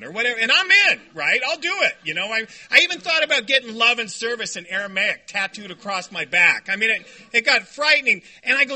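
High, bright-voiced man telling his story. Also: fast, few pauses. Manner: animated, self-deprecating, laughing. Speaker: speaker at a recovery meeting. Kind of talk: personal storytelling talk.

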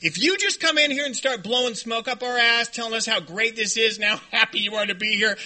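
A man speaking to a recovery meeting, telling stories in an animated, joking way and shouting when he acts out what others said. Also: extremely high pitch, fairly quick. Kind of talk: storytelling talk to a meeting. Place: meeting room before a group.

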